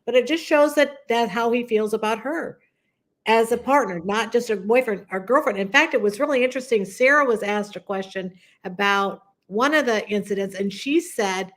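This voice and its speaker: A woman guest on a live stream, talking through her reasoning in a calm, explanatory way. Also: fairly high pitch, moderate pace. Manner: explains points in steady reasoning, mentions statement analysis. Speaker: guest commentator. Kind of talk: casual analytical chat.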